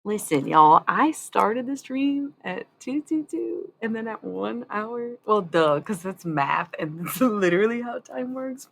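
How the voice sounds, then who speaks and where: A woman streamer chatting casually, rambling and swearing, swinging between loud and hushed. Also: mid-range voice, gravelly, a little hiss or hum. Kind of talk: casual live-stream chat.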